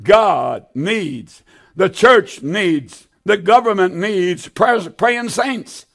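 High-voiced fervent male preacher. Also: expressive, extremely slow, gravelly. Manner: fervent, pleading, repetitive exhortation. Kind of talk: televised sermon with call-in appeal.

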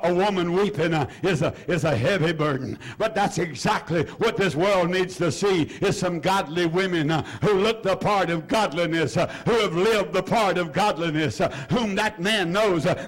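Fervent high-voiced male preacher. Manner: fervent, pleading, rising to shouts, with frequent "uh" fillers. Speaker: pastor. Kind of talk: sermon. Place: church.

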